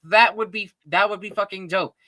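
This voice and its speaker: A man co-hosting a casual fan podcast, excitable and rambling, often restarting his sentences. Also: high-pitched, moderate pace, no echo. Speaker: podcast co-host.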